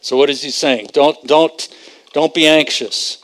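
Conversational preacher man, fairly high voice. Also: fairly even intonation, a little slow, fairly bright tone. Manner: conversational, repeats phrases for emphasis. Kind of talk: sermon.

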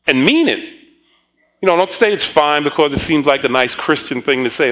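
Man preaching, warm and chuckling. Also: on the high side, animated, fairly quick, low-quality recording. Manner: storytelling with frequent laughter and repeated words. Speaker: pastor. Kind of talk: sermon.

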